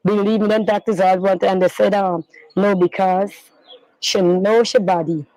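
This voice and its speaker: A middle-aged woman, a grieving mother, telling her story in an interview in a halting, rambling way, repeating herself and using non-standard grammar. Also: medium pitch, fairly even intonation, warm tone, no echo, rough recording. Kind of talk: emotional personal recounting in an interview.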